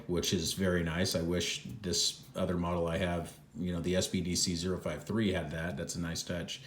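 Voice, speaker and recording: A man casually reviewing a product on camera, relaxed and rambling with many fillers. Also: low-pitched. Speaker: watch reviewer. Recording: echoey room.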